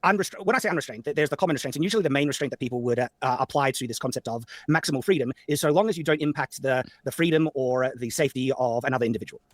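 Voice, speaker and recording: A man earnestly making an argument, rapid and halting with fillers. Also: mid-range voice, dry recording.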